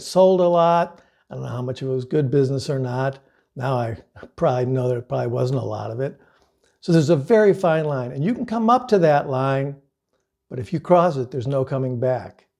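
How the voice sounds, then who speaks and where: Mellow-voiced man telling a sales lesson. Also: mid-range voice, expressive, normal speed, vocal fry. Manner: conversational, earnest, with casual fillers. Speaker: sales coach.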